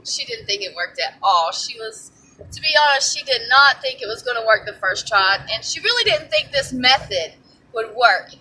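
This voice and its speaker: A young woman with a Southern US accent, chatting excitedly to camera and telling a personal story. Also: on the high side, normal speed. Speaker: vlogger. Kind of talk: casual chat to camera. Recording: distant mic with background noise.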